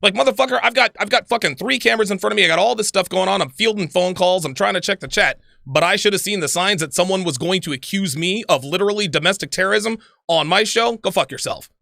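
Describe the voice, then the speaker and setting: A man hosts a livestream and rants with anger and a lot of swearing, repeating his points. His voice is high, bright and gravelly. The sound is close and dry. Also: fast talker, few pauses, no room sound. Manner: angry, profane, repetitive. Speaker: livestream host. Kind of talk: heated livestream rant.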